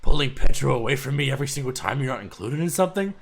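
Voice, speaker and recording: A man voicing a quiet, intense schoolgirl who turns bitter and accusing in a comedic fan dub. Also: medium pitch, expressive, racing, creaky. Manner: accusing, cutting.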